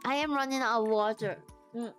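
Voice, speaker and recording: A woman's voice: on the high side, a little fast, soft background music. Giggly woman chatting on a livestream. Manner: chatty and giggly, lots of fillers. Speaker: streamer. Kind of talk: casual livestream chat while sewing.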